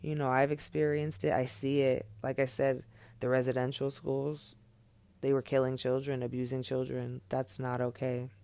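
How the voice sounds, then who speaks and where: A man's voice: mid-range voice, flat delivery, normal speed, gravelly, darkish tone, smooth, dry recording. A man speaking straight to camera in an impassioned, unscripted monologue, blunt and profane, hammering his points with repeated phrases.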